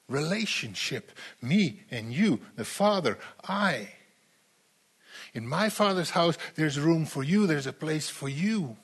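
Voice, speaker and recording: A man preaching a sermon in a slow, emphatic way, repeating phrases as he builds his point. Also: fairly high pitch, animated, breathy edge.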